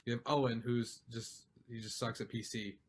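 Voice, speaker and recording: A man's voice: medium pitch, fairly even intonation, moderate pace, slight background noise. A young man hosting a casual podcast, rambling and joking as he complains about video games. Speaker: podcast host. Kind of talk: casual chat.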